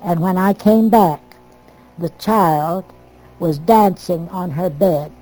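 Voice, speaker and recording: An older American woman telling family stories from her past in a plain, unhurried way. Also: on the low side, warm tone, faint music behind, rough recording. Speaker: storyteller. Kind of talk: oral history reminiscence.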